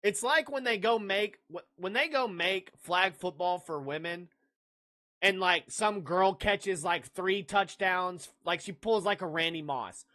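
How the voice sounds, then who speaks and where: A man's voice: high-pitched, unhurried, pushed and bright. A man hosting a livestreamed sports podcast, talking brashly and ranting back at his chat. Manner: brash, ranting, blurts dismissive outbursts; jokey, laughs at own lines.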